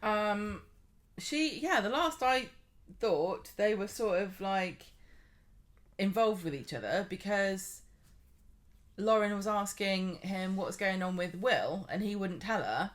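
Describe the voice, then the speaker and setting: A woman's voice: mid-range voice, expressive. A woman co-hosting a podcast, reacting and teasing in a casual soap recap. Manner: chatty, quick reactions, teasing. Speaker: podcast co-host.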